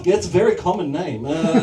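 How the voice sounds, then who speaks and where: Rambling high-voiced man in an echoey club. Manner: rambling, self-deprecating, laughs at own jokes. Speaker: stand-up comedian and MC. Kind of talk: stand-up crowd work. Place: comedy club. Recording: echoey club from a distance, noisy.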